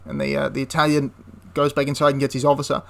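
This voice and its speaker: A man's voice: medium pitch, completely flat delivery, fast talker, vocal fry. A man casually retelling a wartime story for a history channel, rambling with frequent restarts and asides.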